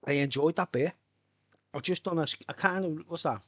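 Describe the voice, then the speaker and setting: Live-streaming from home, a middle-aged man chats loosely, rambling, swearing, and laughing a lot. His voice is a little high with a fairly bright tone, he talks briskly, and there's no room sound.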